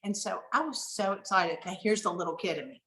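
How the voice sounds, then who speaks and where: A middle-aged woman, teaching furniture finishing in a casual online mentoring session and telling stories with lively acted-out dialogue. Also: medium pitch, fairly quick, slight background noise. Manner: animated storyteller, acts out what people said. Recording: roomy echo.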